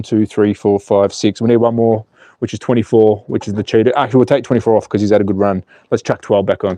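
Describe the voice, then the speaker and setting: A man hosting a live stream, calling slot car races with an excitable, playful manner and joking with the chat. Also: medium pitch, dry recording. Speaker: live stream host and race caller.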